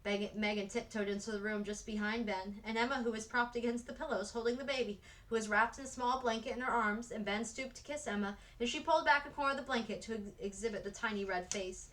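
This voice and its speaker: Brisk woman reading a storybook aloud. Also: fairly high pitch, a bit bright, low-quality recording. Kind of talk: read-aloud narration.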